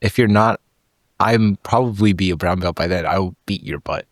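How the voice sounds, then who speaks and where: A man's voice: low voice, normal speed, no room sound, clean studio sound. A man hosting a podcast, chatting casually and teasing his guest. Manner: joking, teasing interjections. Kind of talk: casual conversation.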